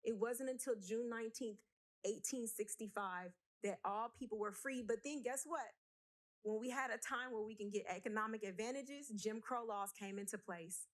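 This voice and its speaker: A woman's voice: on the high side, normal speed. A woman speaking at a city council meeting, emotional, blunt and emphatic as she argues her point. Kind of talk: impassioned council meeting speech.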